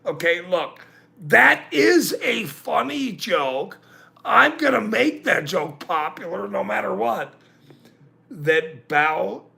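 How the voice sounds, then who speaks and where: On his livestream, a man with a very gravelly voice and a bright edge rants in a slow drawl, his pitch leaping high and dropping low. Reacting to the chat, he stays insistent, swearing and laughing through his points.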